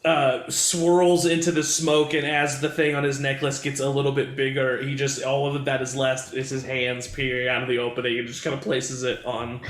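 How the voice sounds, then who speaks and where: A man's voice: mid-range voice, level tone, moderate pace, few pauses, reverberant, a little hiss or hum. A man running a tabletop game as game master, easygoing and full of fillers.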